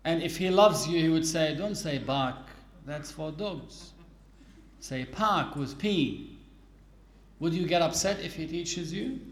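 A man's voice: a little high, unhurried, reverberant. A man giving a patient religious lesson on reciting prayers, explaining carefully and quoting Arabic phrases. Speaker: religious teacher.

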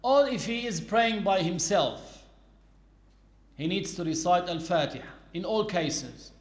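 A man with a fairly high voice delivers a religious lesson at an unhurried, measured pace. He explains each point deliberately and illustrates it with everyday examples. The sound carries a noticeable room echo. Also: expressive. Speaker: Islamic teacher. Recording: echoey room.

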